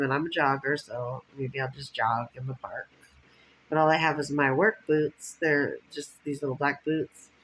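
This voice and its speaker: A woman's voice: low voice, fairly bright tone, slight background noise, rough recording. A woman from Los Angeles County chatting casually in a rambling vlog, laughing often and acting out what others said. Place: lying down at home.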